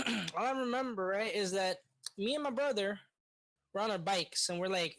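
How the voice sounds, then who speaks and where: A woman's voice: medium pitch, normal speed, pauses often. Casual young woman telling a story. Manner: relaxed storytelling, frequent "right?" tags and swearing. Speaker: podcast co-host. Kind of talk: casual chat.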